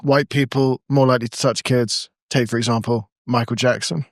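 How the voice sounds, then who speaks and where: A man's voice: mid-range voice, steady tone, moderate pace, dry recording, clean studio sound. A man co-hosting a comedy podcast, wry and trying out jokes. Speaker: podcast co-host. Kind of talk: casual chat.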